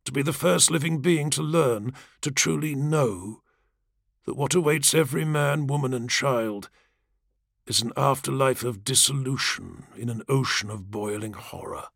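A man reading the part of a grave, earnest male warrior-priest, speaking low, soothing and solemn, in an audiobook. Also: a little slow, gravelly, a bit bright, dry recording, studio quality.

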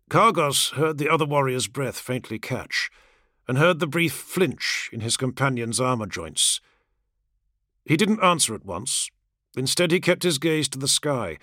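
A man narrating fiction as an audiobook in a measured, dramatic reading. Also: mid-range voice, bright, forceful tone, no echo, clean studio sound.

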